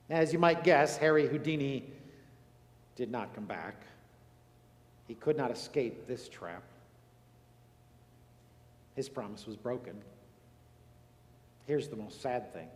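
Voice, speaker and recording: A male pastor preaching a sermon earnestly, moving between emphatic lines and hushed, solemn ones. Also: medium pitch, slight background noise. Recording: echoey hall with long reverb.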